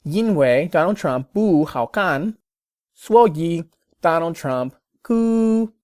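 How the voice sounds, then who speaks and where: A chatty learner walks through new Mandarin phrases, thinking aloud and correcting themself mid-sentence. The voice sits at a middling pitch. The sound is dry and close, with no room around it. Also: expressive, slow, a little mellow, dry recording. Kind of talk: casual video diary of language practice.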